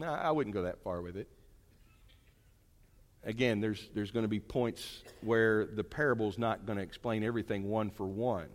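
Lively male preacher in a reverberant hall. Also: medium pitch. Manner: conversational, animated storytelling with asides. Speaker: pastor. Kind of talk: sermon.

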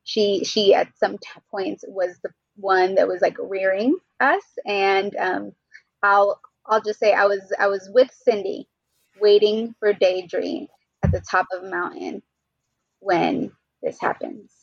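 A woman guest chatting casually, hesitant and halting as she talks. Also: mid-range voice, fairly even intonation, vocal fry, husky, no room sound, lo-fi sound. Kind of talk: casual chat.

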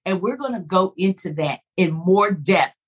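Husky, excited woman podcast host. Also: fairly low pitch, normal speed, low-quality recording. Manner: enthusiastic, repeats words for emphasis. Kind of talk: energetic motivational podcast talk.

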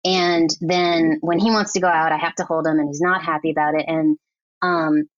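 A woman editor telling a lively, chatty story as a podcast guest, peppering her talk with "like". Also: low voice, moderate pace, dry recording. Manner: animated, chatty, heavy use of "like". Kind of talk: casual storytelling interview. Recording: dry, slightly dull podcast audio.

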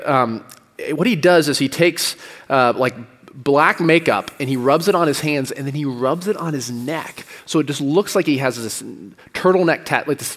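Joking pastor in a reverberant church. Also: male voice, on the high side, fairly bright tone. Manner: conversational, joking, with restarts. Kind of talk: sermon. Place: church sanctuary.

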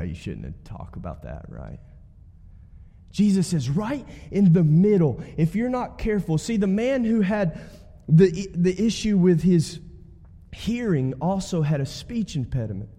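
A guest pastor preaches in a chatty, call-and-response way. He is a man with a fairly high pitch and a dark, mellow tone. His voice rings out with the long reverb of a church sanctuary. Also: expressive, moderate pace. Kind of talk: sermon.

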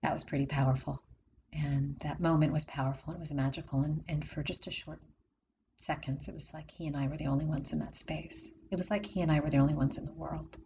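A woman's voice: sits low, steady tone, fairly quick, dark tone, slight background noise. A middle-aged woman telling a heartfelt personal story in a chatty way, laughing often between lines. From from Maryland area.

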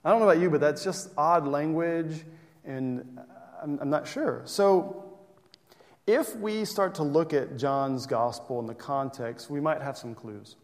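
A man's voice: a little high, unhurried. Sermon-preaching man in a reverberant hall. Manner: conversational, asks rhetorical questions, restarts phrases. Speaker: pastor.

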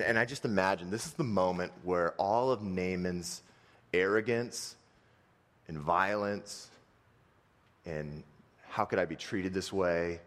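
A man preaching a sermon and retelling a story dramatically, swinging between fast, loud bursts and slow, hushed stretches. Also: low-pitched, in a large hall.

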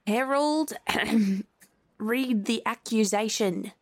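A woman's voice: on the high side, drawn-out words. A woman voicing an anxious, fussy king presiding over a trial. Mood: ordering.

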